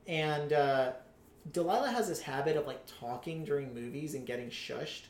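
A man with a slightly high voice and moderate pace co-hosts a casual podcast chat, telling a rambling story loaded with cursing and filler words. The recording has a roomy echo.

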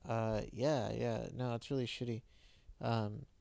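Tired late-20s guy on a podcast, gravelly voice, rambly and swears a lot. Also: mid-range voice, fairly even intonation, measured pace, a little mellow, no room sound. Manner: rambling, profane, frustrated venting. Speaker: podcast co-host. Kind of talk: casual chat.

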